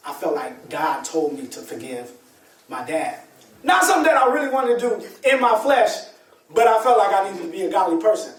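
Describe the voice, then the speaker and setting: A man speaking as a motivational speaker, telling a personal story to an audience in an animated, colloquial way with laughter. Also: high voice, fairly quick. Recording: echoey room, distant mic, faint ambience.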